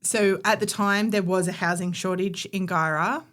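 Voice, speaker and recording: A woman's voice: medium pitch, fairly even intonation, moderate pace, a bit bright. A woman, co-hosting a podcast and telling a history story in a chatty, opinionated way. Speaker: podcast co-host. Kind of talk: casual storytelling chat.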